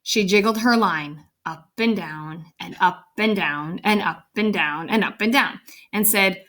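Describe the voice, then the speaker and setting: A woman's voice: mid-range voice, unhurried, a bit bright. A woman reading a picture book aloud, breaking off for chatty, amused asides. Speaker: storybook reader. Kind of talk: read-aloud storytelling with asides.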